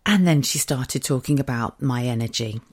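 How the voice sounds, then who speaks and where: A woman's voice: rumbling low, normal speed, a little mellow, husky. A woman, hosting a podcast in a candid, chatty way, swearing freely and acting out quotes. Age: 40s. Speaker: podcast host. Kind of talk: casual chat.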